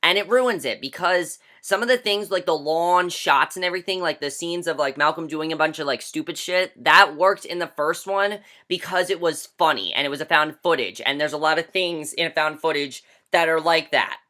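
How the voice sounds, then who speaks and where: A man's voice: fairly high pitch, normal speed, hardly any pauses, pushed and bright. A young man giving a casual, ranting movie review, emphatic and exasperated, with lots of "like" fillers. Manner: emphatic and exasperated, heavy use of "like".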